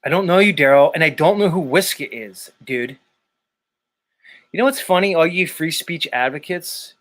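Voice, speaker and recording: A man's voice: a little high, moderate pace, fairly bright tone. A man hosting a livestream, ranting in a heated, profane way at his chat and repeating people's names. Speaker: livestream host. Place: dark room.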